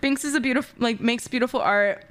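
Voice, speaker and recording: A woman in her twenties live-streaming, chatting casually in an excitable, gushing way with frequent giggles. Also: a little high, quick pace. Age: 20s.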